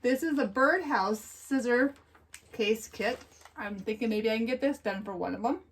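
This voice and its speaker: A woman's voice: on the high side, moderate pace. A woman co-hosting a casual crafting chat, matter-of-fact as she shows items one by one. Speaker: co-host.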